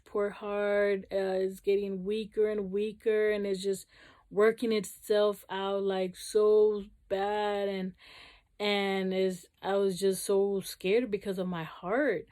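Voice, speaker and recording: A woman's voice: lowish voice, darkish tone. A woman vlogger telling a personal story to camera, casual and rambling, with many fillers and restarts.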